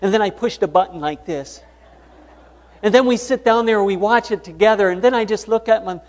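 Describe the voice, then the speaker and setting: A man's voice: high-pitched, fairly quick, voice pushed up, close to an everyday voice. A man putting on an eager, cheerful man. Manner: plain, repetitive, demonstrating. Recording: long hall reverb.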